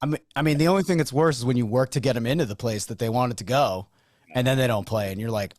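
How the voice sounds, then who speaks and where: A man's voice: medium pitch, fast talker, no room sound, clean studio sound. A man hosting a podcast who chats casually, acting out the people he quotes as he tells stories. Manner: animated storyteller acting out quoted dialogue.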